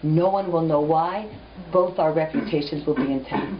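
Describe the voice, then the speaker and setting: Lady playing a quiet earnest young guy, lo-fi dull recording. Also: low voice, normal speed, a little hiss or hum, close to an everyday voice. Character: humble, learned young man. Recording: muffled lo-fi recording.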